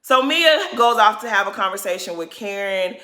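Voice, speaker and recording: Woman, bright voice, lively up-and-down delivery, sassy, blunt, casual recap talk. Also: moderate pace, echoey room. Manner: sassy, blunt and profane, mimics others in high exaggerated voices. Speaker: reality TV recap YouTuber.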